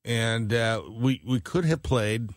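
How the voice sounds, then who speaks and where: A man's voice: medium pitch, takes it slowly, dry recording, clean studio sound. A man co-hosting a radio show, telling a long, rambling everyday story at an easy pace with lots of fillers. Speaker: radio co-host. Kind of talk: casual chat.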